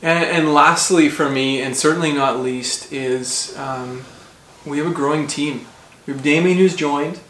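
Earnest podcast host in echoey room. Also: male voice, fairly high pitch, unhurried, fairly bright tone. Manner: earnest, with many fillers. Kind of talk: casual podcast talk. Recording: echoey room with faint noise.

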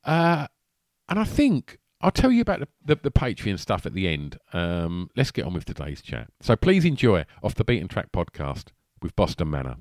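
Low-voiced Essex podcast host, dry close mic. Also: male voice, wildly swooping pitch, moderate pace, darkish tone, no echo. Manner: chatty, rambling, lots of fillers and restarts. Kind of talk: casual podcast chat.

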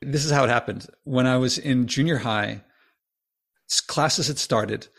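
A man's voice: medium pitch, vocal fry. A man in his fifties hosting a podcast, chatting casually and eagerly with a guest. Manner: quick, animated, chatty with restarts. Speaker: podcast host. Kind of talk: casual conversation.

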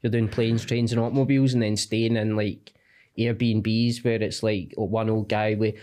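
A man's voice: mid-range voice, normal speed. A young Scottish man, a comedian guest, rambling and self-deprecating in casual podcast chat.

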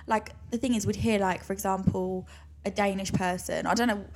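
A husky-voiced young woman chats easily as a podcast co-host. She talks in loose runs that trail off and restart. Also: medium pitch, fairly even intonation, fairly quick, darkish tone. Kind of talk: casual chat.

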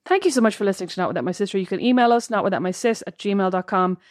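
A young woman co-hosts a relaxed chat, rattling along at a brisk pace. She tells stories about herself with a self-mocking humor. Her voice is close and dry, with no room sound. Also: mid-range voice, no echo. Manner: chatty, self-mocking storyteller. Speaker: podcast co-host. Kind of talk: casual chat.

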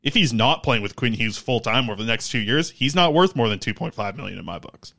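Bright-voiced man talking hockey. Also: mid-range voice, lively intonation, brisk, creaky. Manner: analytical, talks through stats and contract numbers. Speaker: podcast co-host. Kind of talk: casual sports podcast chat.

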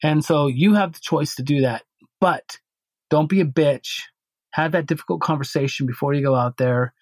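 A man's voice: a little high, moderate pace, no echo. A man co-hosting a podcast, telling a long story in a casual, rambling way with many restarts and fillers. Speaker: podcast co-host.

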